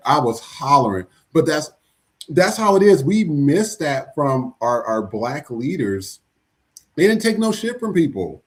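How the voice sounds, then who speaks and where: A man's voice: fairly high pitch, big pitch swings, a little slow. A man hosting a political podcast livestream, chatting casually as he reads viewer comments, loose and full of fillers and restarts.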